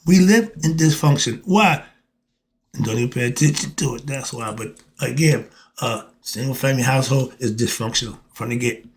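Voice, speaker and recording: A man's voice: mid-range voice, normal speed. A man giving a casual spiritual monologue to camera, preachy and colloquial, asking and answering his own rhetorical questions. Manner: colloquial, often cuts himself off with 'moving on'. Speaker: self-styled philosophy teacher.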